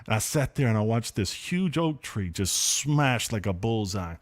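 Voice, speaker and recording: A man hosting a casual livestream, telling a story in a lively, excited way, with many fillers and restarts. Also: lowish voice, normal speed. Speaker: host.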